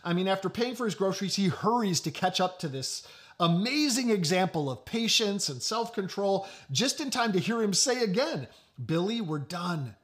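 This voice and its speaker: A middle-aged man preaching a sermon. He tells a story in a conversational way and often drops to a low, quiet voice. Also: animated, moderate pace. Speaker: pastor.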